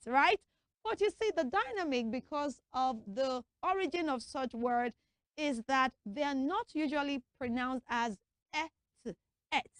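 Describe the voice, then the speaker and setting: A young woman presenting a children's TV lesson, coaxing answers in a lively call-and-response way. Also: high-pitched, no echo, clean studio sound.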